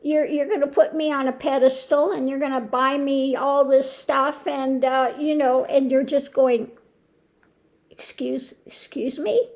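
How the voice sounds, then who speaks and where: A woman's voice: high-pitched, little pitch movement, moderate pace, hardly any pauses, a little mellow. A woman hosting her own channel, chatting casually at home in a rambling way, with many restarts and exclamations of disbelief. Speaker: tarot channel host. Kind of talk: casual chat to camera.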